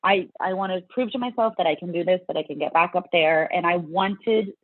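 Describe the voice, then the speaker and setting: A middle-aged woman from Louisiana in the US South, a fitness competitor, is a guest in a casual interview, chatting and acting out her past reactions as quotes. Her voice is fairly low and brisk. The recording is dry and tinny, like a phone line.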